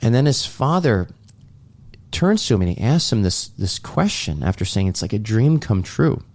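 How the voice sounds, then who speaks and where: A podcast co-host earnestly and reflectively retells a movie scene in casual conversation, acting out the quoted lines. His voice is fairly low and darkish, with a sing-song lilt at normal speed.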